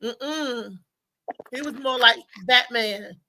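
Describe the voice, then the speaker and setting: A woman hosts a live talk show, chatting casually and spinning rambling stories with plenty of laughter. She's an animated storyteller who laughs often, speaking slowly in a voice on the high side.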